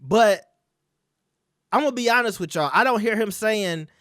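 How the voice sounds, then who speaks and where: A man's voice: high voice, animated, moderate pace, fairly bright tone, no room sound, clean studio sound. A man hosting a casual commentary video, talking the audience through some text messages and often checking in with them. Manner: chatty, conversational, keeps asking the audience. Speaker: commentary channel host.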